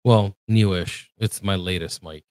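A man's voice: low voice, a little slow, a little mellow, dry recording. A man from Puerto Rico with a Puerto Rican accent, co-hosting a livestream, chatting and joking as he answers the chat. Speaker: co-host. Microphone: desk mic.

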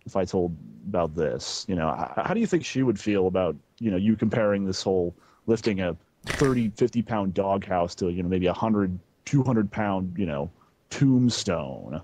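A man playing a gruff, insulting middle-aged father on a prank call, blustering and stammering. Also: sits low, expressive, normal speed, mellow, dry recording. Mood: accusing. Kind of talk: prank call role-play.

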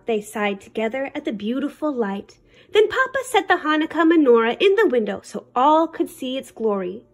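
A woman librarian reading a children's picture book aloud in an expressive, sing-song way. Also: sits high, moderate pace, soft background music. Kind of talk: storybook read-aloud.

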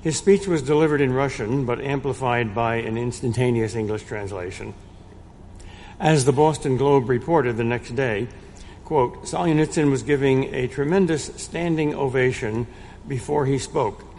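An older man giving a prepared lecture in a measured way, with a dry, wry humor. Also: mid-range voice, a little mellow, a little hiss or hum. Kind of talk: prepared lecture read aloud. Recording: long reverb in a large room.

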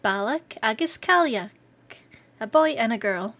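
A Scottish woman streaming live, chatting casually with viewers, excitable and quick to laugh. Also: fairly high pitch. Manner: excitable and giggly, laughs often. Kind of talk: casual livestream chat.

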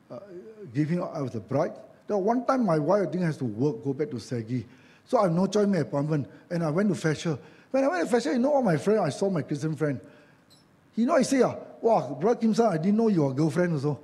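With a warm, slightly high voice, a Malaysian English-accented man preaches as a church elder. He keeps things chatty and jokey, performs quoted voices, and adds tag questions.

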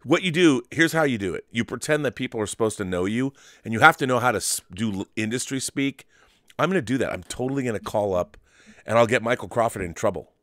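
Brief: male co-host, mid-pitched, chatty and rambling, cusses, dry close sound. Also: fast talker, dry recording. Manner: animated, rambling storyteller, swears. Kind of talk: casual chat.

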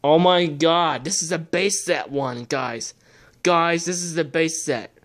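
A young adult talks slowly and unhurriedly through a pack-opening video, mumbling half to themself. Frustration keeps spilling out as swearing between remarks about each card. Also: mid-range voice, a bit bright. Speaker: video host opening trading card packs. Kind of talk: casual unboxing commentary.

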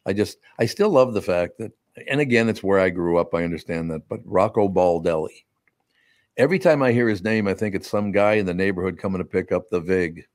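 Older man, low voice, dry studio sound. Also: fairly quick, no echo. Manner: animated storyteller, bursts into loud impressions. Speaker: radio host. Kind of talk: casual sports chat.

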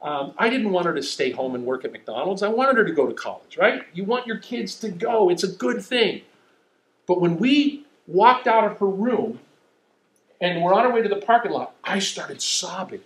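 A man's voice: high-pitched, normal speed. Storytelling preacher man in an echoey hall. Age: middle-aged. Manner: storytelling, animated and self-mocking. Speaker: pastor. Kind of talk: sermon.

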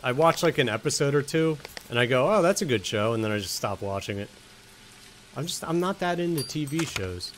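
A man's voice: mid-range voice, animated, a little fast, slight background noise. A man casually commenting while playing a video game, joking with the characters and answering chat. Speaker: game streamer. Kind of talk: casual let's-play commentary.

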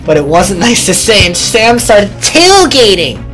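A woman narrating a storybook tale in a slow, animated reading. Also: medium pitch, soft background music.

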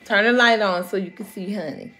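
An upbeat woman talks chattily and with encouragement to her viewers while filming a family vlog at home. Her voice sits at a middle pitch, and faint music plays in the background. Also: fairly quick, bright, forceful tone. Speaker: vlog host. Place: home, indoors.

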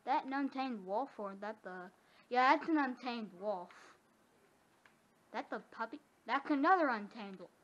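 Excitable high-voiced woman gamer. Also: a little slow. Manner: excitable, gasping and squealing at animals. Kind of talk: casual gameplay commentary. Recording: dull lo-fi sound with faint noise.

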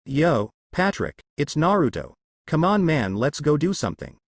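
A brash young ninja who brags about legendary adventures, his voice swinging up and down with excitement, as a male reader puts him on. The sound is close and dry. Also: fairly high pitch, moderate pace, slightly rough, no room sound, full character voice. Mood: boastful. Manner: boisterous, bragging.

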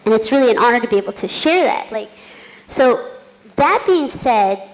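A middle-aged woman, a jockey, telling a story on a conference panel, talking fast with frequent laughs and fillers. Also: a little high, lively intonation, low-quality recording. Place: conference hall.

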